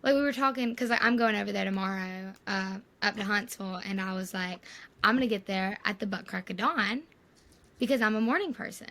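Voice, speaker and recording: A woman's voice: mid-range voice, fairly quick, sharp tone. A woman co-hosting a chatty podcast over a video call. She tells stories with a mid-range voice, acting out other people's lines as she goes. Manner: storytelling, mimics others' voices. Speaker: podcast co-host. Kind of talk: casual chat.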